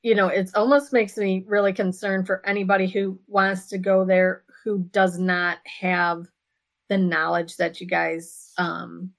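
A woman's voice: on the low side, flat delivery, a little slow, gravelly. A woman hosting a paranormal podcast, chatting with her guests and saying "you know" often. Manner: conversational, many "you know"s. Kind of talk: casual interview chat.

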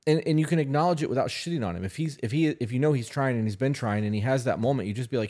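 Guy cohosting an advice podcast, blunt, swears a lot, mid-pitch voice. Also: racing, hardly any pauses, darkish tone. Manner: blunt, swears freely, emphatic. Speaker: podcast co-host giving advice. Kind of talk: casual advice chat.

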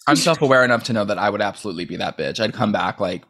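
A man co-hosting a podcast, chatting in a sassy, campy, animated way. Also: lowish voice, racing. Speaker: podcast co-host. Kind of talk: casual chat.

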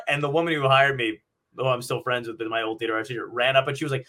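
A man's voice: medium pitch, fast talker, bright, forceful tone. A man hosting a podcast, telling a story in casual chat, swearing and acting out the people in it. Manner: swearing, storytelling, acts out quotes. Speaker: podcast host. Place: home.

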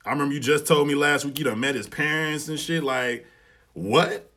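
Animated man podcasting in AAVE. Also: fairly quick. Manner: animated storytelling, acts out quotes with rising pitch, swears freely. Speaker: podcast host. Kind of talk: casual solo podcast commentary.

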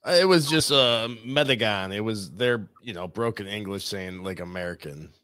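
A man's voice: lowish voice, lively intonation, moderate pace, fairly bright tone, dry recording. A man co-hosting a casual livestream, chiming in with short, laid-back remarks and chuckles. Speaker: co-host.

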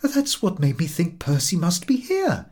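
A man's voice: high-pitched, wildly swooping pitch, measured pace, a little mellow, pitched above the performer's own voice, exaggerated voice. A man voicing a frightened, tearful young wife who pleads anxiously in a storybook reading.

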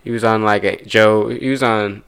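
A man's voice: on the low side, steady tone, moderate pace, fairly bright tone, clean tone. A man co-hosting a podcast, joking and laughing often and acting out the people in his stories. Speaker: podcast co-host. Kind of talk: casual podcast banter.

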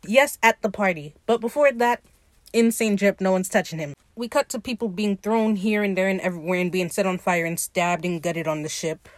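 Woman podcaster ranting casually, slangy and swears a lot, mid pitch, dry close mic. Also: no room sound. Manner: opinionated, slangy and profane, animated retelling. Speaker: podcast host recapping a TV episode. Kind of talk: casual chat.

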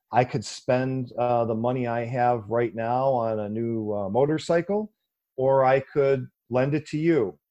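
A man, a guest explaining economics, answers an interview question at length in a conversational, animated way full of fillers. Now and then he mocks other views by quoting them in a raised pitch, and the audio is dull.

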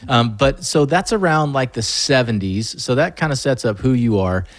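A man's voice: medium pitch, animated, moderate pace, dry recording, clean studio sound. Laughing, stammering man reminiscing. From North Carolina, US. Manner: laughs often, warm and reminiscing, stammers into restarts. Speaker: podcast host. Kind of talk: casual chat.

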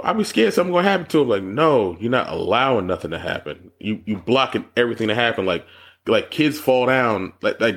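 A man co-hosting a podcast in casual chat, telling stories with lots of profanity and jumping high when he mocks people. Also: breathy edge. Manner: animated storytelling, profane, jumps high when mocking. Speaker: podcast co-host.

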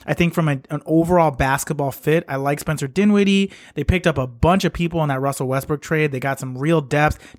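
Slightly high-voiced man talking basketball. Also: dry recording, studio quality. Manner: conversational, hedging, self-correcting. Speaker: podcast co-host. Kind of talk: casual sports chat.

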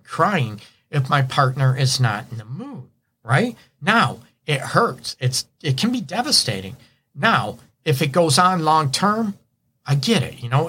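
A man's voice: on the high side, pushed and bright, slightly rough. A man who counsels couples, hosting a relationship advice show and talking through the topic in a conversational way, often checking in with "right?" and "you know". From Detroit area. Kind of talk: radio advice monologue.

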